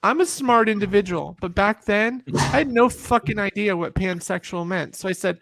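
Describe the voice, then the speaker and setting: Middle-aged woman, gravelly storyteller, dry close sound, animated and full of restarts. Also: medium pitch, moderate pace, hardly any pauses, dry recording. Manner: animated storyteller, acts out quotes, frequent restarts and fillers. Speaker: guest. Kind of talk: casual storytelling on a group call.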